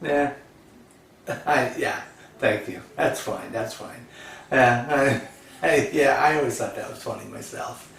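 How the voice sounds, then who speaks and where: A man's voice: medium pitch, measured pace, creaky, pauses often. A man casually telling old jokes in a rambling, folksy way, full of fillers. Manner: rambling, folksy, lots of "you know". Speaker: joke teller. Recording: echoey, distant, faint crowd and noise.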